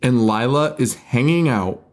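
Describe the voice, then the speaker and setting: A man's voice: mid-range voice, a little slow. A man co-hosting a horror movie podcast, recapping scenes in casual chat, laughing often and swearing. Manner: laughing often, swearing, mock-quoting characters. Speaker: podcast co-host.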